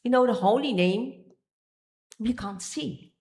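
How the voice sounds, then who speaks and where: A woman's voice: a little high, slow pace, darkish tone. Woman giving a devotional temple lecture. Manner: searching for pages, restarting phrases. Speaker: speaker giving a temple class. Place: temple hall.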